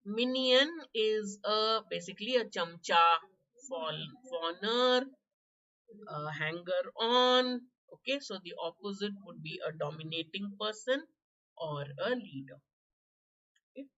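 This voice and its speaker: A hoarse woman with an Indian English accent teaching a live online vocabulary class, chatty, quizzing students by name and clearing her throat. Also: medium pitch, lively intonation, slow, sharp tone, lo-fi sound. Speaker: exam prep teacher.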